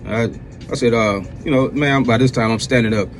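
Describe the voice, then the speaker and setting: A man telling a casual, profane story, rambling and circling back, often asking "you know what I'm saying". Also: fairly quick. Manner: acts out quoted women in a raised pitch.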